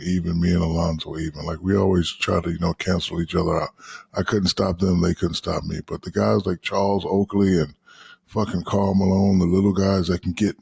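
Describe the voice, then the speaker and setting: A man in his fifties, a podcast guest, telling animated, profane stories full of quoted asides. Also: low voice, creaky, breathy edge, no room sound. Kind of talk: casual storytelling.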